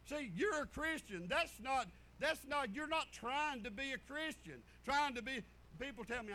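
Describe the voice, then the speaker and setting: A man's voice: extremely high pitch, expressive, moderate pace, sharp tone, slight background noise. A man, a pastor preaching a folksy sermon full of storytelling asides. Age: 50s.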